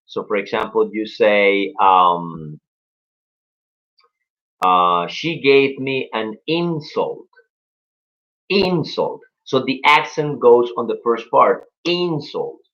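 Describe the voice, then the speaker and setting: A man's voice: lowish voice, steady tone, slow, a bit bright, highs cut off. Upbeat man teaching English. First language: Spanish. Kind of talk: live-streamed English lesson.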